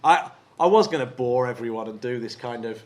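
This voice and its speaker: A man's voice: mid-range voice, a little fast. A man from England hosting a live podcast on stage, chatty and enthusiastic, often laughing. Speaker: podcast host.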